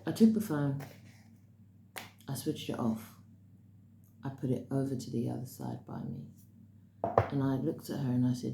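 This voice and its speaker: A woman's voice: very deep voice, big pitch swings, moderate pace, vocal fry, long pauses. A woman casually retelling a dream as a spiritual message, talking with bursts of emphasis. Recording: roomy echo with faint background noise.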